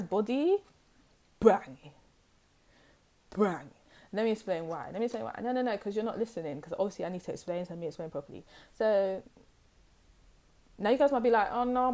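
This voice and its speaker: Animated young woman reading tarot. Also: mid-range voice. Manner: animated, emphatic, repeats phrases for stress. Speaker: tarot reader. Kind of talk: pick-a-card tarot reading.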